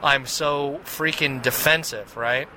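A man's voice: mid-range voice, steady tone, slow pace, pushed and bright, low-quality recording. Rambling man recording with traffic behind. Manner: rambling, many restarts and "right?" tags. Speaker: podcast host. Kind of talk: casual confessional monologue.

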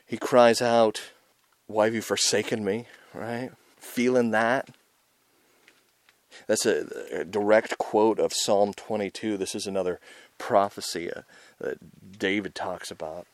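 A man delivers an informal sermon in a somewhat low voice, intense and conversational, swelling louder when he stresses a point and dropping low in between. The recording is dry and close, with no room sound. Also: slow pace, dry recording. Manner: intense and conversational, rising loud on emphasis, frequent "right?" and "man". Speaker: preacher and show host.

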